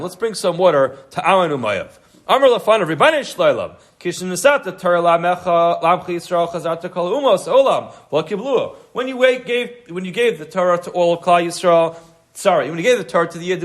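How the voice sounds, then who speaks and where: Talmud teacher, man, a bit high-pitched, reads then explains in plain talk. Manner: reads Aramaic phrases then explains in casual English. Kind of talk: Daf Yomi class, reading and translating aloud.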